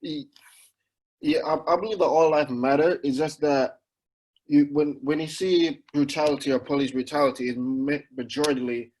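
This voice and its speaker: A man in a casual podcast discussion, speaking softly and hesitantly with many fillers. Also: on the high side, steady tone, moderate pace, rough recording. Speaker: podcast guest.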